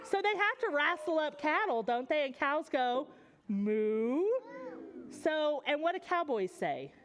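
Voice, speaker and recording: An American woman leading a preschool story time in a library, singing and coaxing young children in a lively sing-song way. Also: high-pitched, moderate pace, slight background noise.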